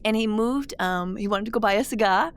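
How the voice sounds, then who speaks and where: A middle-aged woman, a spiritual medium, telling a personal story to listeners in a gentle, reflective way with many restarts. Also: mid-range voice, brisk, clean tone. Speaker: spiritual medium, podcast host.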